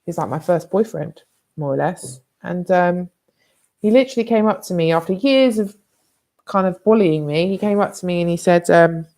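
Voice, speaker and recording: A woman's voice: fairly low pitch, moderate pace, darkish tone. A British woman vlogging, telling a personal story in a candid, blunt, rambling way with some swearing.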